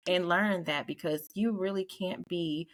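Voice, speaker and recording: A woman's voice: on the low side, a little slow. A woman hosting a casual group talk, speaking earnestly and preachily with frequent laughs. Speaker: podcast host.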